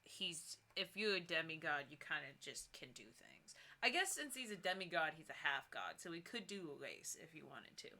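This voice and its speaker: A woman's voice: deep voice, sing-song, normal speed, few pauses, sharp tone. A woman co-hosting a casual live stream, joking and swearing freely while brainstorming a game. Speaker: streamer co-host. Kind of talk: casual Twitch stream chat.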